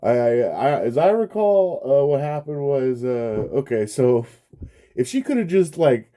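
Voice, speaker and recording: A man recounts a bad day in a loose, rambling rant. His voice is very dark and mellow, and he swears often and laughs between lines. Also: medium pitch, sing-song, measured pace. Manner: profane, frustrated, laughs often. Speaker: vlogger. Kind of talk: casual storytelling rant.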